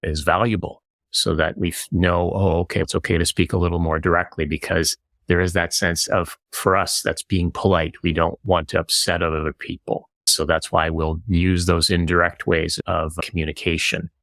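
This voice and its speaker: A low-voiced man from Canada hosts an interview, asking his questions in a measured, courteous way. His voice has a gravelly, creaky edge, and the recording is dry, with no room echo. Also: flat delivery, fairly bright tone. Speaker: podcast host.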